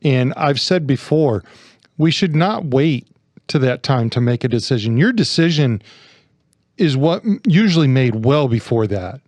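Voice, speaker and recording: A man co-hosting a podcast who talks thoughtfully, haltingly, and often restarts his phrases. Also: mid-range voice, expressive, darkish tone, dry recording. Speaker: podcast co-host. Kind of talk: casual discussion.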